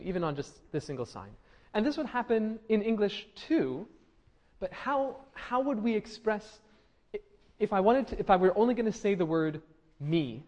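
A university lecturer gives a conversational classroom lecture, full of fillers and restarts, and puts questions to the class. His voice sits high and is a little mellow.

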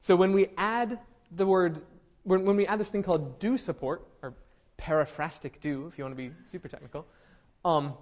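A man's voice: a little high, darkish tone, lo-fi sound. A man teaching a linguistics class, explaining step by step and often checking in with his students. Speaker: linguistics lecturer. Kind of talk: classroom lecture.

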